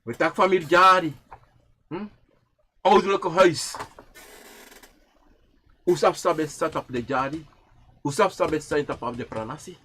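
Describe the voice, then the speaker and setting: A man giving a spoken teaching on ancestral tradition over a livestream. He repeats phrases in a chanting way and swings from loud to hushed. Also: fairly high pitch, unhurried, pauses often, a little hiss or hum. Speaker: livestream speaker.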